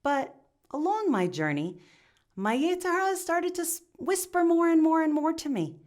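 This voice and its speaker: A woman's voice: very high-pitched, big pitch swings, normal speed, darkish tone, voice pushed up. A woman voicing a humble young village man who confesses his guilt earnestly and stumbles over his words. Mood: remorseful. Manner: confessional, stammering with restarts.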